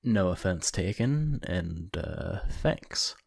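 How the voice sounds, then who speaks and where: Casting: shy, easygoing young man, mild and friendly, read by a man with a gravelly low voice. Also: expressive, slow, darkish tone, exaggerated voice.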